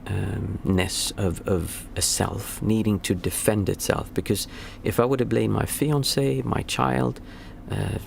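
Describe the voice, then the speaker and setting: On the low side and gravelly, a man's voice keeps a measured pace and fairly even intonation with few pauses, over a little hiss or hum. A meditation teacher and father of small children, young adult to middle-aged, he offers a casual, reflective livestream talk, reaching aloud for the right words.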